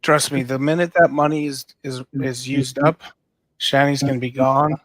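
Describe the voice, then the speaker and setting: A man's voice: mid-range voice, fairly even intonation, normal speed, fairly bright tone, dry recording. A man in casual group chat, making dismissive, cynical remarks.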